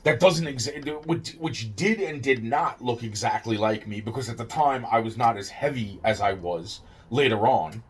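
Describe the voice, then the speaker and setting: A man's voice: medium pitch, moderate pace, hardly any pauses, slightly rough. A man telling a personal story in casual speech, stammering and swearing often as he acts out the back-and-forth. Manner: stammering, profane, animated.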